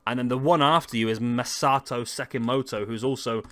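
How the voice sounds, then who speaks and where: A gaming streamer in his thirties chats casually with his viewers while streaming a wrestling game live. His mid-range voice is steady, brisk, and fairly bright.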